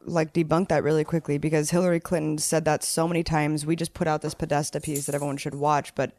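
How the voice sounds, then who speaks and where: A host giving animated political commentary in casual chat. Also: female voice, sits low, fast, dry recording. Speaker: show host.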